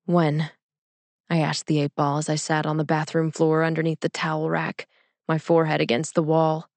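Low-voiced young woman reading calmly. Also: no echo. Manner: calm, measured, introspective reading. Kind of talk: audiobook reading of a personal story.

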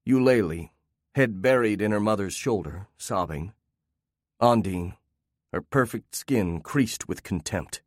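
A man narrating a fiction story in a measured, steady reading on a close mic. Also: on the low side, no room sound.

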